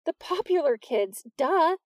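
A woman's voice: very high-pitched, animated, no room sound, studio quality, voice pushed up. A woman narrator voicing an anxious, emotional teenage girl who talks in heated, pleading bursts. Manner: heated, pleading, quick to self-pity.

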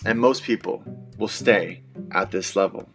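A man's voice: fairly low pitch, unhurried, vocal fry, a bit bright, soft background music. A man, a pastor, hosting a podcast on leadership in a conversational, self-deprecating way with storytelling asides.

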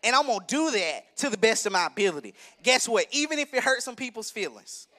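A young adult man preaching a sermon, emphatic and conversational, rising to shouts. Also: very high-pitched, big pitch swings, a little fast. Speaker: minister preaching.

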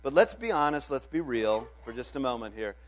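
A man preaching a Sunday sermon as pastor, swinging from loud declarations to hushed, drawn-out words. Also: medium pitch, animated. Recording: dull lo-fi with mains hum.

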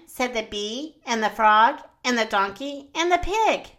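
Bright, slow-reading woman storyteller. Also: high voice. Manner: gentle, slow and expressive. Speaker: children's storytime podcast host. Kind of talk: reading a picture book aloud.

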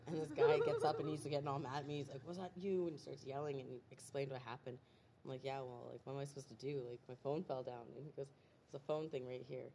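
A woman tells a long, rambling story at a quick clip. She laughs as she goes and talks over friends. Steady background noise sits under her voice. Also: a bass voice. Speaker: friend chatting. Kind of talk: casual chat.

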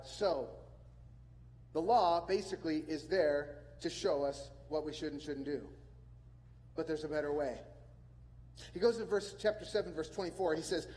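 Pastor, male, fairly high voice, earnest sermon delivery with lots of repetition, long hall reverb. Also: moderate pace, a little mellow. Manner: earnest, repeats words and phrases for emphasis.

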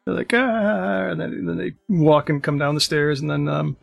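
A man narrating as game master of a tabletop game, with halting, filler-heavy speech. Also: fairly high pitch, level tone, gravelly, dry recording, soft background music.

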